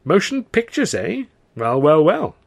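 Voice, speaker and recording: A man's voice: medium pitch, expressive, a little fast, voice pushed up, close to an everyday voice. A man playing a breezy, self-assured young comedian who talks in an airy, flamboyant, declamatory way. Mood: theatrical.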